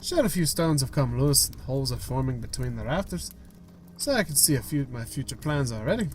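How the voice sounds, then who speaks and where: Lively man reading a story game aloud. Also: mid-range voice, a little fast, faint music behind. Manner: reads with stumbles, restarts and side comments. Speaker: gaming video host.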